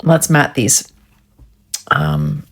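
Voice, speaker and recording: A woman's voice: sits low, sing-song, very slow, gravelly. A woman vlogger chatting casually through a nail art tutorial, getting frustrated and swearing at herself.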